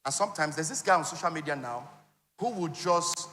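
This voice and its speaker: A man giving a lively motivational talk at a business conference, now and then acting out other people's voices. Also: brisk, a little hiss or hum. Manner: animated, acts out high voices for women. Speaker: conference speaker. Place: large conference hall. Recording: reverberant hall.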